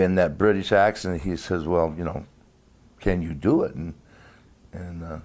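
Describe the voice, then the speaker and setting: Man, low voice, halting storyteller guest recalling ring days; chatty, restart-heavy delivery. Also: a little mellow. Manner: rambling, halting, many restarts. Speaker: interview guest, former wrestler. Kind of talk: casual storytelling interview.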